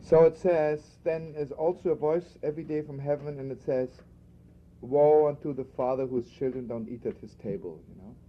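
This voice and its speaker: A rabbi giving an informal spoken lesson, talking conversationally and repeating himself for emphasis. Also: male voice, on the high side, moderate pace. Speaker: rabbi teaching a class. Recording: dull lo-fi archival recording with faint background noise.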